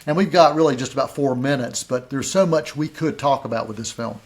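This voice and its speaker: A man's voice: mid-range voice, fairly quick. A middle-aged man co-hosting a film review show, talking reflectively with many fillers and restarts. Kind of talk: casual film review chat.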